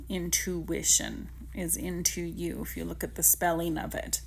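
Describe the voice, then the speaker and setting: A woman's voice: on the low side, level tone, a little slow, vocal fry, few pauses, slightly rough. Chatty woman giving spiritual advice. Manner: chatty, encouraging, addresses viewers directly. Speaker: spiritual teacher. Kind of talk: casual spiritual advice vlog.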